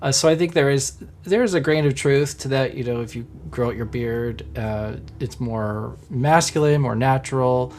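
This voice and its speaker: A man's voice: medium pitch, normal speed, hardly any pauses, darkish tone, slight background noise. An Orthodox Christian man on a livestream panel, speaking earnestly and encouragingly, with lots of fillers. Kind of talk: casual livestream discussion.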